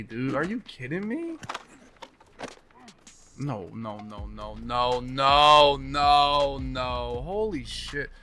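A man's voice: medium pitch, pushed and bright. A man commentating his own gameplay, swearing and ranting as he plays. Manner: profane, ranting, talks to himself. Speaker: gaming streamer. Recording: music playing behind. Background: game music.

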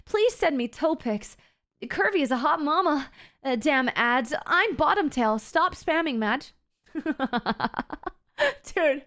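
A playful, giggly woman streamer chatting with her live audience. Her voice is very high and lively in pitch. She talks at an unhurried pace. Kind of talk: casual livestream chat.

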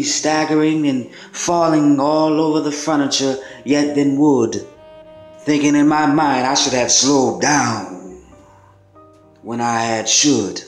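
A male poet performing his own spoken word piece with a measured, dramatic delivery. He takes his time over every line. The voice rings in a roomy space, with soft music underneath. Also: mid-range voice. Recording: roomy echo. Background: faint music.

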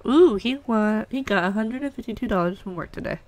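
A woman's voice: medium pitch, animated, a little fast, a little mellow. A young woman giving casual let's-play commentary, chatting away and cooing at the pets in her game. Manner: chatty, coos and talks to the game's pets. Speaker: gameplay commentator.

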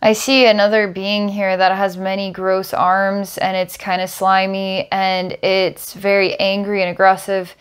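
A woman working as a psychic healer, calmly describing visions during a guided healing session. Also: mid-range voice, unhurried, few pauses, clear, resonant tone. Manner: calm, descriptive, storytelling visions.

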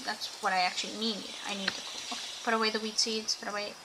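A woman's voice: medium pitch, flat delivery, quick pace. A young woman streaming a video game, chatting to her viewers and thinking aloud as she plays. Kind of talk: casual gameplay commentary. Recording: audible background noise.

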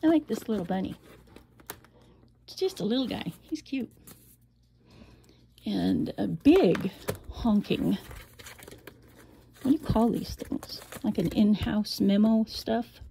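A woman's voice: medium pitch, lively intonation, takes it slowly, creaky, pauses often, dark tone, slight background noise. A middle-aged woman casually showing off a handmade album, chatty and rambling, with frequent laughs and whispered asides. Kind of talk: casual show-and-tell.

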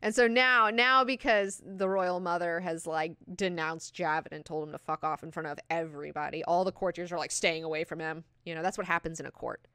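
A woman hosting a book club, talking casually and excitedly with lots of swearing and fillers. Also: fairly low pitch, brisk, hardly any pauses, clear, resonant tone, no echo, clean studio sound.

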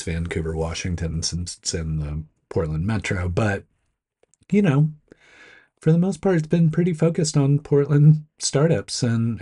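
A man hosting a casual weekly startup news video, his voice hoarse and gruff from smoky air, talking in a rambling, self-deprecating way. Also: warm tone. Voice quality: gruff, lowered voice.

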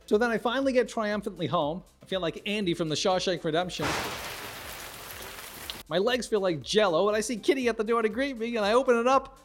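Middle-aged man doing animated stand-up. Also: brisk. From United States. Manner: animated, acts out characters with big pitch jumps. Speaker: stand-up comedian. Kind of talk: observational stand-up monologue.

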